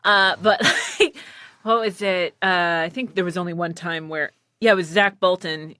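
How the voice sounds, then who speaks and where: A woman's voice: lowish voice, moderate pace, pushed and bright, no echo. A woman from Pennsylvania hosting a podcast, chatting casually and laughing, full of quoted asides, close to a studio mic. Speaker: podcast host and voice director. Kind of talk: casual chat.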